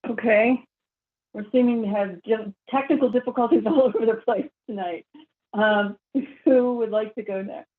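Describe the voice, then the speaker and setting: A woman chairing a city planning commission meeting, speaking haltingly with restarts. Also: on the high side, steady tone. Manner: halting, many restarts and fillers. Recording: tinny phone-like line.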